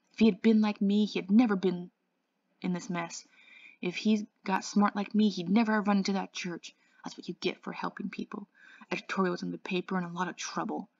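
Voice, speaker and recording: A woman voicing a reckless, volatile teenage boy, talking louder and more urgently than her narration, sometimes hissing. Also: mid-range voice, no echo, close to an everyday voice. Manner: louder, urgent, at times hissed. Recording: dull lo-fi dry audio.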